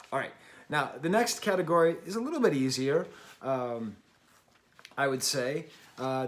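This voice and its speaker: A middle-aged man with a fairly high-pitched voice hosts his music review show off the cuff. He rambles in a chatty, self-deprecating way, with plenty of ums and little restarts along the way. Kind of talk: casual unscripted video talk.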